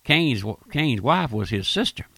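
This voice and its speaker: A man's voice: mid-range voice, sing-song, unhurried, vocal fry, pushed and bright, husky, no echo. A man preaching a radio sermon, fervent and repetitive, often restarting his phrases.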